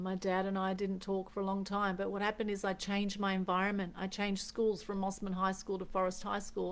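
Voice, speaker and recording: A woman's voice: mid-range voice, vocal fry. A middle-aged Australian woman hosting an unscripted live stream, talking earnestly and reflectively and repeating key phrases for emphasis. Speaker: host. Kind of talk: unscripted Facebook Live chat.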